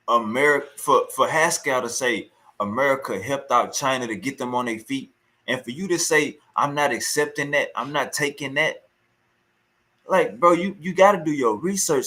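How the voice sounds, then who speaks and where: Bright-voiced man ranting scornfully. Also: medium pitch. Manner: heated, scornful, repetitive ranting. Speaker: commentator reacting to a clip. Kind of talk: casual reaction commentary.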